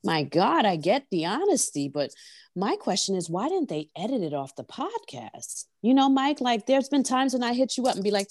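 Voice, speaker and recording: Animated slangy woman on a podcast. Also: on the high side, moderate pace, no echo, clean studio sound. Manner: animated, slangy, rhetorical questions. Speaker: podcast co-host. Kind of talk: casual podcast discussion. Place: at her workplace.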